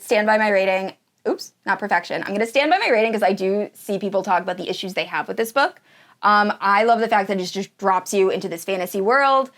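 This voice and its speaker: A woman reviewing books in a casual chat, gushing and enthusiastic, with lots of fillers. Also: medium pitch. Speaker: book reviewer. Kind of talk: casual tier-ranking chat.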